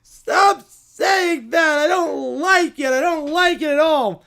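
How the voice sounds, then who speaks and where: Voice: extremely high pitch, measured pace, darkish tone. A streamer doing a sobbing toy bear. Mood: tearful. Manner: sobbing, wailing complaints. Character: whiny crying toy bear, a sulking football fan. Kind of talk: comedy skit on a live stream.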